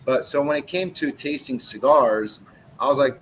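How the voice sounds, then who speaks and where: Middle-aged man, mid-pitched, swears a lot, blunt guest acting out dialogue, faint rumble behind. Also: brisk, low-quality recording. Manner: blunt, swears freely, acts out dialogue with customers. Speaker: cigar brand owner, podcast guest. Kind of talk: casual chat.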